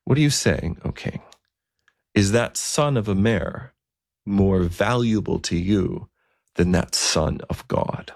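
A man voicing a gentle old bishop who speaks slowly and solemnly, with measured words. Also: on the low side, gravelly, exaggerated voice. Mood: reproving.

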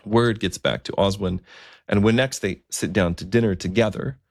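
Deep, gravelly male storyteller. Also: moderate pace, dry recording, clean studio sound. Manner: conversational, with fillers and asides. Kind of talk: storytelling narration.

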